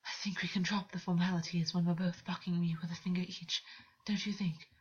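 A woman voicing a hushed, earnest man. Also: lowish voice, little pitch movement, brisk. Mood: breathless. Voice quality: hushed, rasping. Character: serious, forthright man, softly intent. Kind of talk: audiobook reading of fiction. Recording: dull lo-fi recording.

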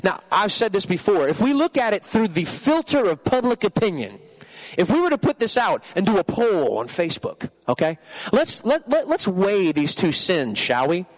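Animated high-pitched male preacher. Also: moderate pace. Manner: animated preaching, drops into quiet earnest tone. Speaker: pastor. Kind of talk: sermon.

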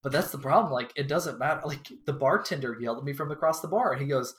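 A man's voice: mid-range voice, fast, a bit bright. Rambling young man in an echoey room. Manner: rambling storyteller, acts out quotes, swears freely. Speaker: podcast co-host. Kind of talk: casual chat.

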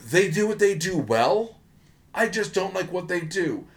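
A man's voice: high-pitched, big pitch swings, measured pace. A man co-hosting a podcast, ranting sarcastically in casual talk, getting worked up and swearing. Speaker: podcast co-host. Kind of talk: casual comedic rant.

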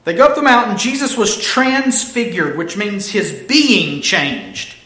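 A man's voice: high voice, sing-song, measured pace, bright, forceful tone. A man preaching a casual, humorous sermon, telling the story animatedly and acting out the characters. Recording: roomy echo.

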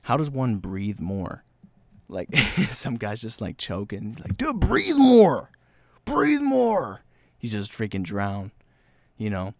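A man hosting a solo podcast, rambling and self-mocking, slightly breathless, slipping into quick voiced bits. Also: lowish voice, a little hiss or hum. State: slightly breathless from talking fast. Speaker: podcast host.

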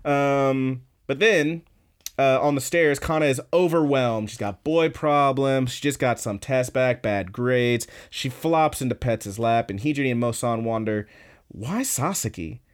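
A man co-hosting a podcast, casually recapping an episode in a profane, animated way, acting out the characters' lines. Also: mid-range voice, unhurried, smooth. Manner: profane, animated retelling with quoted voices. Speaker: podcast co-host.

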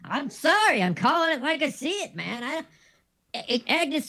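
A man's voice: extremely high pitch, big pitch swings, moderate pace, sharp tone. A man co-hosting a comedy podcast, swearing and teasing a caller in exasperated banter. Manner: crude, exasperated, mocking. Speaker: co-host. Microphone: video call.

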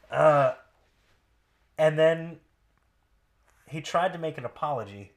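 A man hosts a podcast in casual, animated chat. He jokes and laughs his way through the stories. His voice sits a little higher than most men's. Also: takes it slowly. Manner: animated, jokey, laughing, mocking quotes. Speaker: podcast host.

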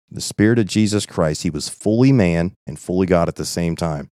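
Deep-voiced earnest man leading Bible study. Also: fairly quick, hardly any pauses, mellow, no room sound, clean studio sound. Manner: earnest, conversational, repeats points with "okay?". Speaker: Bible teacher.

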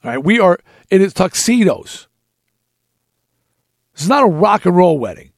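A man hosting a podcast, telling a story in an animated, emphatic way. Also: high voice, moderate pace, gravelly, dry recording, clean studio sound. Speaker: podcast host. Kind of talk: storytelling chat.

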